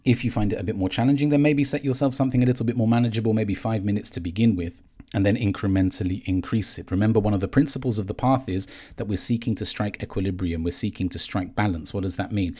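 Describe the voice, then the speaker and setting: A man calmly explaining a meditation practice step by step, in a measured teaching manner. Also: lowish voice, husky. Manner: calm, measured, gently explaining. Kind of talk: guided instruction on meditation.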